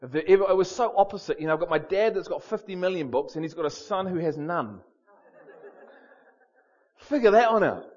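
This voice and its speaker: High-voiced animated male preacher. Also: fairly quick, long pauses, highs cut off. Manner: animated, storytelling, emphatic repetition. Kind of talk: sermon.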